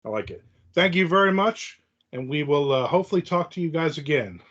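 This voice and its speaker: A man hosting a podcast in casual chat, telling animated stories and acting out the people he quotes. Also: fairly high pitch, a little fast, lo-fi sound. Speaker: podcast host.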